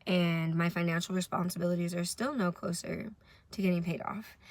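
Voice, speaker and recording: A woman's voice: on the low side, steady tone, fairly quick, a little mellow. A young woman, tired from little sleep, telling a rambling, profane story to camera in a casual vlog. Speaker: vlogger.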